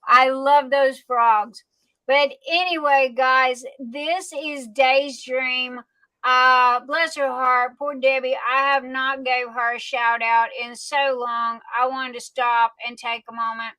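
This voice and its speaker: Casual woman livestream host; slightly high, bright voice; folksy filler-heavy delivery. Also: steady tone, takes it slowly, low-quality recording. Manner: chatty, folksy, many fillers and restarts. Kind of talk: casual live-stream product chat.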